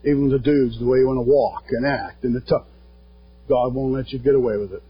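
A pastor preaching a sermon, earnest and plain-spoken, quoting scripture along the way. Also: male voice, mid-range voice, steady tone, a little fast, slightly rough. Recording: dull lo-fi sound.

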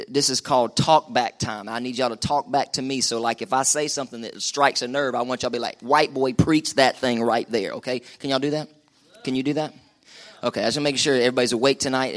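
A middle-aged man preaching a lively live sermon in a church. He jokes, chats and calls on the congregation to answer back. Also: medium pitch. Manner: joking, chatty, calls for crowd response. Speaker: pastor.

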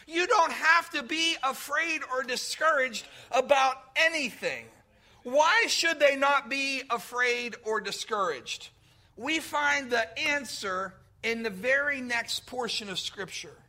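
A man preaching a sermon to his congregation, talking to them directly and rising into shouted emphasis. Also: very high voice, slow pace. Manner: conversational, addresses congregation directly. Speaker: pastor.

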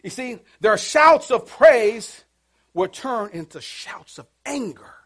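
Male pastor, high voice, sermon with call-and-response, soft passages building to shouted peaks. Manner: swings from hushed to shouting, call-and-response preaching. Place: church.

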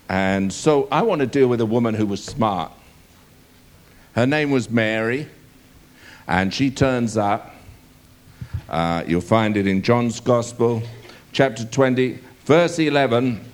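A man preaching a sermon, reading a scripture passage aloud and asking his listeners rhetorical questions. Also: mid-range voice. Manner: animated delivery with rhetorical questions to the audience.

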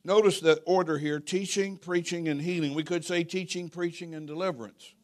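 A man's voice: a little high, a little fast. A middle-aged man, a pastor preaching a sermon and telling stories in a folksy, humorous way. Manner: folksy, humorous, animated storytelling. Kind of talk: sermon with storytelling.

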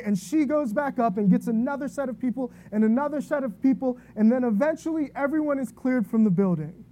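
A high-pitched woman preaches fairly quickly with hardly any pauses, keeping her sermon relaxed and conversational. She tells an illustrative story and often checks in with "right?".

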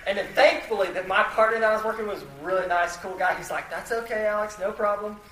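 Man, high-pitched, self-deprecating storyteller, echoey room with faint noise. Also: fast, fairly bright tone, recorded from a distance. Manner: self-deprecating, chatty, lots of fillers and restarts. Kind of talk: humorous personal story told to an audience.

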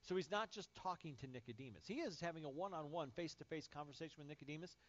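A man's voice: on the high side, fast talker, fairly bright tone, highs cut off. A man preaching a sermon as pastor, emphatic and building through repeated phrases.

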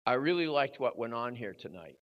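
An older man preaching at a youth service, telling a story with growing drama and shouting at its peak. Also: mid-range voice, brisk. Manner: animated storyteller, voice rising to shouts at the climax. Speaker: guest preacher. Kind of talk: storytelling sermon. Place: church hall at a youth service. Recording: dull lo-fi recording.

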